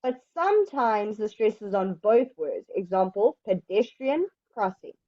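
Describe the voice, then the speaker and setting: A woman teaching English one-on-one, explaining slowly and patiently. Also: mid-range voice, sing-song, no room sound, highs cut off. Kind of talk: one-on-one online English lesson.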